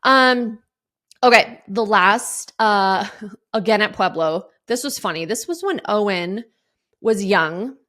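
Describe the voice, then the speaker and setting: A woman's voice: medium pitch, lively intonation, slow pace, fairly bright tone. A woman in her thirties or forties hosting a podcast, telling stories casually with lots of fillers and acting out what others said. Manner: chatty, lots of fillers and laughs, voices others' lines. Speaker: podcast host. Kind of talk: casual storytelling monologue.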